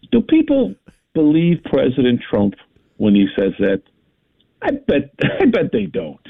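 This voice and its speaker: An actor playing a chatty pope with a Chicago accent who keeps drifting off topic, calling in to an interview. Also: male voice, fairly high pitch, wildly swooping pitch, takes it slowly, gravelly, pauses often, heavily acted. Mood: amused, incredulous. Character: chatty pope, folksy baseball-obsessed Chicagoan. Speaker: interview guest on the phone. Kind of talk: comedic phone-in interview sketch. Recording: tinny phone line.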